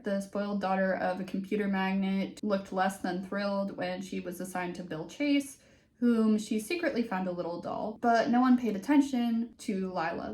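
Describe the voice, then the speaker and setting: A woman's voice: medium pitch, darkish tone. A young woman reading a teen novel aloud and breaking off for wry, sarcastic asides. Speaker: book reader and commentator. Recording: roomy echo.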